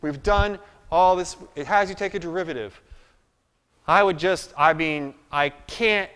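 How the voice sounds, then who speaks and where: A man lectures on math in a casual, self-deprecating way, talking through each step aloud. His voice sits a little high. The sound carries the long reverb of a lecture hall. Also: measured pace, fairly bright tone, smooth. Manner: chatty, self-deprecating, thinks aloud at the board. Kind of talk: live classroom lecture.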